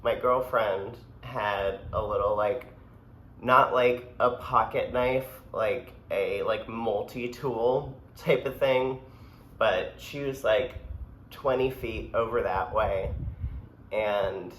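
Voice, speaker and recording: Brief: unhurried, lowish-voiced man, rambling casual storyteller, echoey room. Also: fairly bright tone. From United States. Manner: laid-back, rambling, filler-heavy. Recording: echoey room, faint background hum.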